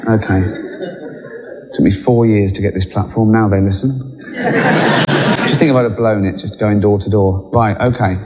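A man's voice: lowish voice, steady tone, moderate pace, pauses often. A man doing stand-up comedy, with wry, chuckling asides. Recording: reverberant live venue with noise.

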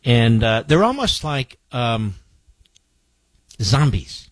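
A man's voice: mid-range voice, animated, normal speed, dry recording. Combative male talk radio host. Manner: combative, emphatic, rhetorical questions. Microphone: studio microphone.

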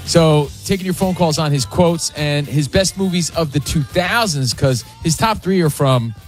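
A man's voice: a little high, moderate pace, faint music behind. A man hosting a sports radio show in a studio, bantering with his co-hosts and reading ads with lots of energy. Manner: energetic, reads ads, belts silly impressions.

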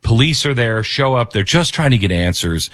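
A man's voice: medium pitch, lively intonation, normal speed, a bit bright, no echo. A man hosting a commentary show, giving impassioned, preachy opinions.

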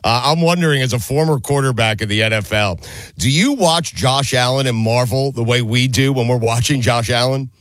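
A man hosts a casual sports podcast, firing off eager questions and laughing easily. His voice is an ordinary middle pitch. The recording is dry, with no room sound. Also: a little fast, fairly bright tone, dry recording. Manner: laughs often, eager, enthusiastic. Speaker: podcast host.

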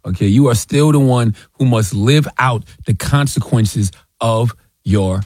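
A man's voice: medium pitch, a little slow, a little mellow, no echo. Supportive male radio co-host. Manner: supportive, affirming. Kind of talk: radio talk show.

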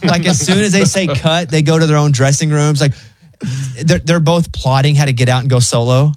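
A man's voice: on the high side, a little fast, darkish tone, no room sound. A man hosting a radio show, reading news stories in a casual, joking way and riffing on them. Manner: chatty and joking, reads items then riffs.

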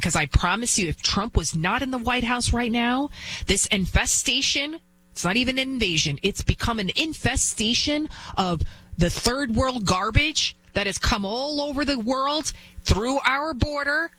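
Blunt, bright-voiced woman talk show host. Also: a little high, poor audio. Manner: emphatic and blunt, repeats points and keeps asking "right?". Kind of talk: opinionated talk show monologue.

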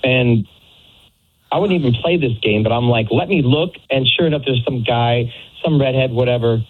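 A man's voice: medium pitch, moderate pace. A man on a phone call telling a story about a date, hesitant and full of fillers. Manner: hesitant, many fillers and restarts. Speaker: caller on the phone. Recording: tinny phone line.

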